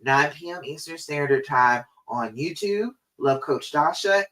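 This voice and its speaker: A woman's voice: sits low, lively intonation, a little slow, fairly bright tone. A woman hosting a live-stream coaching show, encouraging listeners and checking in with "okay?" and "all right?". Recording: voice a bit far from the mic.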